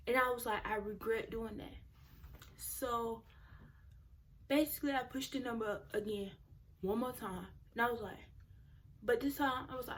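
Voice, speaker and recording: A woman's voice: fairly high pitch, normal speed, long pauses, slight background noise. Chatty teenage girl telling a story. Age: teens. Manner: chatty, animated, talks straight to viewers. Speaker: vlogger. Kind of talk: casual storytime.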